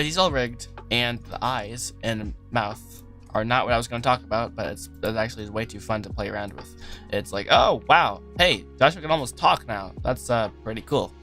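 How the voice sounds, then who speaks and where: A man hosting a casual livestream while he works, rambling and self-deprecating, laughing often. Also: on the low side. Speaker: livestream host, animator. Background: soft lofi music.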